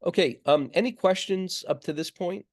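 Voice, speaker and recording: Man lecturing over a video call. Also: high voice. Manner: measured, with filler words and restarts. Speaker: seminary lecturer. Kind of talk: online lecture. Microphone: computer mic on a video call.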